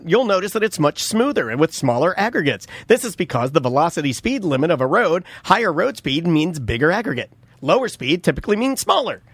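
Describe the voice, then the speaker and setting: A man's voice: sits high, dry recording. A man co-hosting a night talk radio show, joking and riffing in casual banter from a studio mic. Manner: joking, quick to riff and do silly voices. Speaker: radio co-host.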